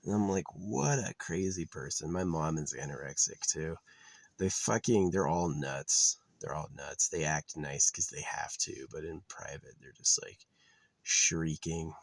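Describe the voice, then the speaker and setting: Low creaky-voiced man rambling. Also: unhurried, no room sound. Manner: profane, rambling, trails off into mutters. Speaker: vlogger. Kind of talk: rambling casual monologue. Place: outdoors in nature.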